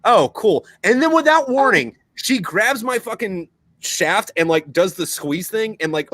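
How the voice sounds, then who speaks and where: Profane, bright-voiced young man telling stories. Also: sits high, big pitch swings, unhurried, no echo. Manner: profane, storytelling, lots of fillers. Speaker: podcast host. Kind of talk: crude casual chat.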